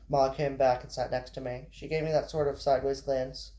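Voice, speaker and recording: Guy reading his story out loud, casual, trips over words and restarts a lot. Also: mid-range voice, flat delivery, normal speed. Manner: stumbles and restarts, casual asides. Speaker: narrator.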